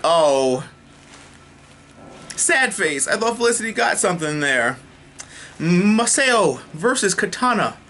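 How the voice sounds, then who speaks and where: Excitable swearing man reviewing a TV episode. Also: sits high, slight background noise. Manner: excitable, swears freely, talks fast with restarts. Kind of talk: casual spoken review.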